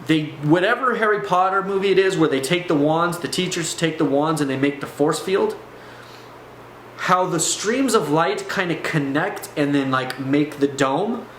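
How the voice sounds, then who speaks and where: A man's voice: fairly high pitch, measured pace. Man telling a story in an echoey room. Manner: animated, filler-heavy storytelling. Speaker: vlogger. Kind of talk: personal testimony storytelling. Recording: echoey room, faint background noise.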